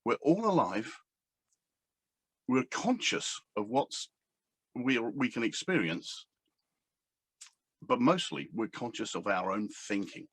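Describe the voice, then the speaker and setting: A man's voice: medium pitch, sing-song, slow pace, pauses often, fairly bright tone, slightly rough, no echo. A middle-aged man, a coach, talking casually to a camera on his table, rambling and hesitant with many fillers. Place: indoors at a table. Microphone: camera standing on the table.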